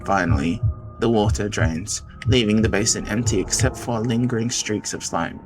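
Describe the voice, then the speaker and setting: A man streaming a visual novel, reading it aloud dramatically with excited outbursts. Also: lowish voice, normal speed. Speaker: game streamer. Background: game music.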